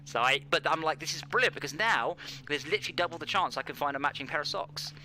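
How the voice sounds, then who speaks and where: A man's voice: a little high, quick pace, pushed and bright, poor audio. A man hosting a sim racing stream, chatting casually with a playful, self-mocking manner. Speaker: stream host. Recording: faint background hum.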